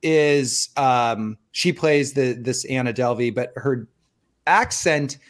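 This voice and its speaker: Speaking slowly in a medium-pitched voice, this young podcast co-host keeps the conversation casual and jokey. He laughs often and restarts his sentences a lot.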